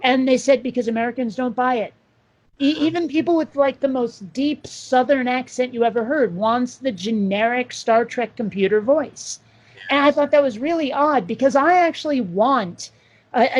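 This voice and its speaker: A woman co-hosting a casual talk show, chatting in an animated, rambling way with lots of asides. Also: fairly high pitch. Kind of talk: casual chat.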